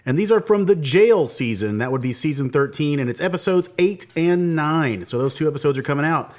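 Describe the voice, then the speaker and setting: A man's voice: a little high, lively intonation, brisk, a little mellow. A young man hosting a podcast in casual, upbeat chat, often laughing. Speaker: podcast host.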